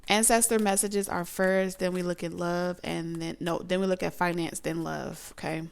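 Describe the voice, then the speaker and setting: A young adult woman giving a casual tarot reading as a psychic medium, chatty and emotive, with soft asides. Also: fairly low pitch, steady tone, normal speed, creaky, smooth.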